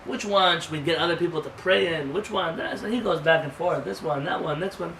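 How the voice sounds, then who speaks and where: A male rabbi with a high, bright voice leads an informal Torah class in a conversational, emphatic manner, pressing his points with rhetorical questions. He is picked up from a distance, so the voice sits in a roomy, echoing space with faint noise behind it. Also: brisk, gravelly.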